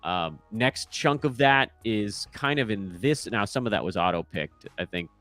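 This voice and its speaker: A man's voice: fairly low pitch, lively intonation, normal speed, a bit bright, soft background music. A man in his thirties hosting casual commentary into a microphone, offhand and self-deprecating. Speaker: host.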